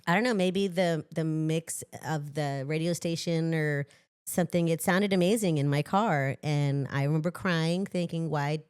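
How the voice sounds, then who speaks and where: As a guest on a relaxed podcast, a middle-aged singer from Los Angeles talks in a low, clean-toned voice at a moderate pace. She comes across as lively and self-deprecating, with plenty of laughter.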